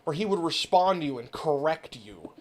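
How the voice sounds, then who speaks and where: A gaming host rants casually over footage, rambling and cursing without a filter. The pitch is mid-height but swings widely from low mutters to high outbursts, so every remark sounds animated. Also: normal speed. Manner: rambling, profane, animated, frequent laughter. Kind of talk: casual rant over gameplay.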